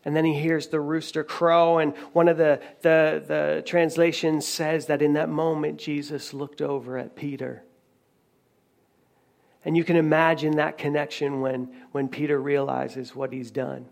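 A man's voice: fairly high pitch, little pitch movement, a little slow, vocal fry. A man preaching a sermon in a conversational way, retelling a story with frequent restarts. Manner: conversational preaching with many restarts and retold dialogue. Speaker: pastor.

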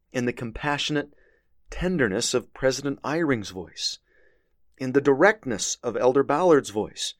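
A man's voice: mid-range voice, no room sound, studio quality. Earnest man teaching scripture. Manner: earnest, emphatic reading of scripture. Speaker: religious teacher. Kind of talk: scripture lesson commentary.

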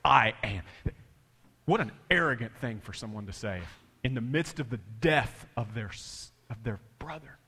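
A man preaching a sermon with big swings in loudness and pitch, dropping to a hush for quoted words. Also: animated, moderate pace, breathy edge, long reverb tail. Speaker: pastor.

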